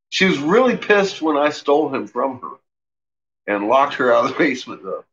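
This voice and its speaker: A man's voice: on the high side, animated, moderate pace, fairly bright tone, slight background noise. A man casually commenting on his dogs in a basement, amused and profane, voicing what the dogs think. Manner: amused, profane, voices his dogs' thoughts. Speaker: dog owner filming his pets. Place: house basement. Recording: dull lo-fi home video.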